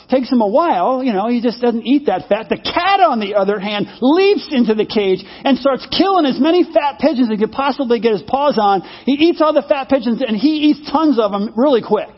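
A man's voice: very high voice, expressive, fairly quick, few pauses. A man preaching a sermon in a conversational way, repeating phrases and asking the audience questions, in a slightly muffled recording. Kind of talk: sermon with storytelling.

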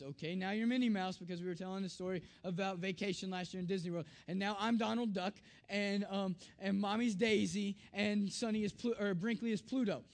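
Man, high voice, storytelling sermon, animated dialogue, soft low tender lines. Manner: animated, acts out his daughter's lines in a raised voice.

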